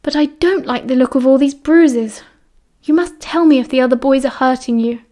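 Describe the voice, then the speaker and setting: A woman reading an audiobook puts on a strict older school nurse who speaks primly and with clear disapproval, lifting her voice noticeably high. The tone stays fussy and proper throughout. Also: moderate pace, warm tone, natural voice. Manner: prim, disapproving.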